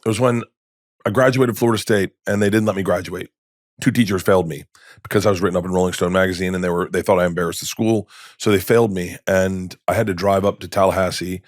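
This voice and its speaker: A man's voice: deep voice, fairly even intonation, fast, no room sound, studio quality. A middle-aged man, a comedian guest, telling candid stories in a podcast interview, rambling and restarting, with emotion showing through.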